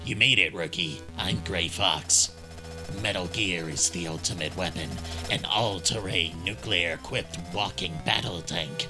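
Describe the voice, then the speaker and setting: A man voicing a gruff grown soldier who briefs a rookie in a low, slow, hushed way while reading game text. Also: music in the background. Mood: grave.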